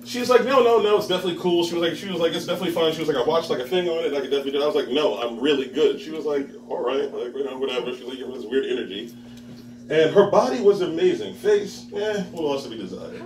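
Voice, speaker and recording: A man in his thirties rambles through an open-mic story in a fairly high, animated voice, breaking into laughter at his own lines. He sounds a little far from the mic in a roomy bar, with a crowd reacting around him. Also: racing. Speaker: stand-up comedian. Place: bar with live audience.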